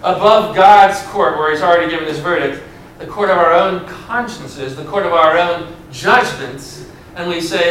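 A male pastor preaching a sermon to his congregation, asking rhetorical questions and leaning into words with dramatic pauses. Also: high-pitched, a bit bright, recorded from a distance. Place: church sanctuary. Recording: roomy church sound from afar, faint hiss.

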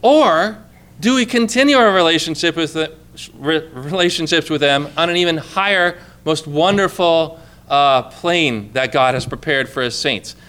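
Male pastor, sermon delivery; high, smooth, resonant voice; earnest, conversational. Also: moderate pace, a bit bright. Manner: earnest, conversational preaching with rhetorical questions.

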